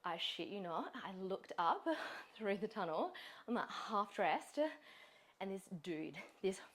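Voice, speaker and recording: A woman's voice: mid-range voice, animated, a little slow, fairly bright tone. A woman hosting a casual chat, telling a story with lots of energy. She laughs often and swears freely, her voice swinging up and down as she acts out each moment. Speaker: fitness coach and host.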